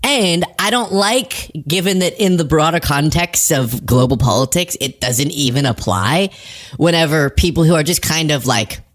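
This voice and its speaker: A woman hosting casual political commentary, sarcastic and animated, laughing at her own jokes. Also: low-pitched, moderate pace.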